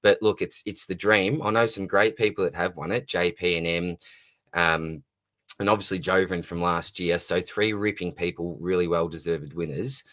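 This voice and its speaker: A man's voice: low-pitched, fairly even intonation, normal speed, fairly bright tone. A young Australian man hosting a live Q&A stream, reading viewer comments aloud and answering them in a friendly, casual way. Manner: friendly, reads out comments and answers them, calls people mate and buddy. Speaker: livestream host.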